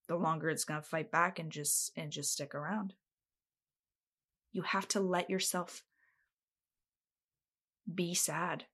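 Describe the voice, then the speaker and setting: A woman giving casual self-help advice to camera. She is blunt and feisty, swears freely and stresses her points hard. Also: fairly low pitch. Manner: feisty, emphatic.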